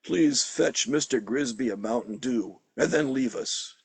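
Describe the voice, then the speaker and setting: A man's voice: mid-range voice, measured pace, slightly rough, no echo. A man reading aloud and voicing a pompous, chubby schoolboy gang boss who talks with mock politeness. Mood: smug.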